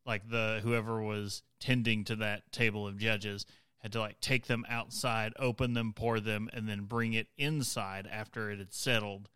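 A man's voice: on the low side, moderate pace, clear, resonant tone, no room sound. A man co-hosting a podcast, telling an anecdote in casual chat and repeating points for emphasis. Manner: animated storyteller, repeats for emphasis. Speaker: podcast co-host.

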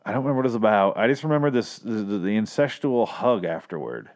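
A man's voice: lowish voice, animated, fast. A man recapping a TV episode in a crude, rambling, joking way. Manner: crude, rambling, jokey asides. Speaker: show recapper. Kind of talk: casual comedic recap.

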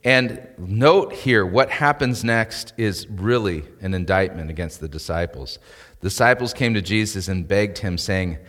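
A man's voice: low voice, lively intonation, slow, a bit bright. Man preaching in a reverberant church. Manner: conversational preaching, rising to emphatic peaks. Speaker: pastor. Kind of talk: sermon.

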